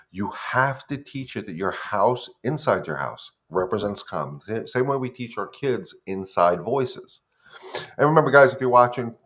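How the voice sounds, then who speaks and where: Chatty low-voiced man on a live stream. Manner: chatty, loose, greets viewers by name mid-thought. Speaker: dog trainer hosting a live Q&A stream. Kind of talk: casual live-stream talk to viewers.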